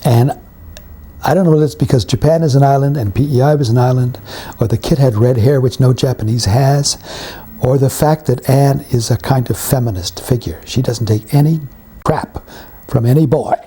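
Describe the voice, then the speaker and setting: A man's voice: mid-range voice, moderate pace, dark tone, slightly rough. A man, telling wry anecdotes about his career in an interview. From Canada. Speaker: veteran actor and writer being interviewed. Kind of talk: reminiscing interview.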